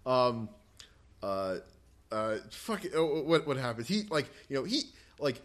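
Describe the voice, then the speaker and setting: Bright-voiced man rambling about games. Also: medium pitch. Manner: rambling, many fillers and restarts. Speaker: podcast co-host. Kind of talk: casual gaming podcast chat.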